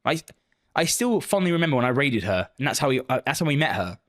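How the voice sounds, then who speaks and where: A man's voice: medium pitch, very animated, quick pace. A man live-streaming, chatting casually with viewers and answering their messages with lots of swearing and joking banter.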